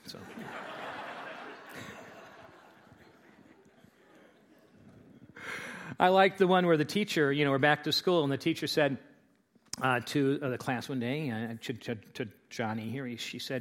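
Male pastor, joke-telling sermon, a bit high-voiced, loose storyteller. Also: takes it slowly, long pauses. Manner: chatty storyteller, restarts and fillers, lively delivery. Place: church.

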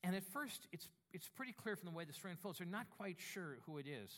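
Male pastor, chatty sermon delivery, bright high voice, very animated. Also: fast talker. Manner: conversational, animated, self-deprecating.

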